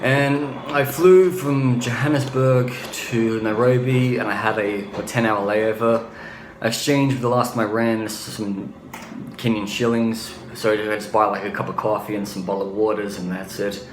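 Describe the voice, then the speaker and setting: A man's voice: on the low side, fairly even intonation, moderate pace, reverberant, background noise. A young man from Australia talking bluntly in a casual travel vlog, ranting and often restarting his sentences. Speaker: travel vlogger.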